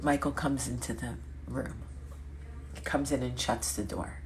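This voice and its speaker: Low-voiced chatty woman host. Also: slight background noise. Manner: chatty storytelling with quick asides; lively, laughing, self-correcting. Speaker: vlog host. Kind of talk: casual chat.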